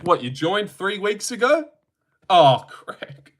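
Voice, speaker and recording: A man hosting a casual livestream, chatting with viewers and reacting in an animated, sweary, teasing way. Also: high-pitched, slow pace. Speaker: livestream host.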